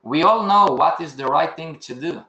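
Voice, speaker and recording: A man's voice: fairly high pitch, lively intonation, normal speed, sharp tone, highs cut off. An older man teaching a live online class, firing questions at the students and answering them himself. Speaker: trading instructor. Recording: echoey room.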